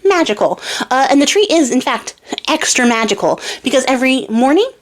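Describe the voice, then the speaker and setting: A young woman casually retelling a fairy tale, irreverent and swearing, slipping into quick character voices. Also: high voice, very animated. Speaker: storyteller and crafter.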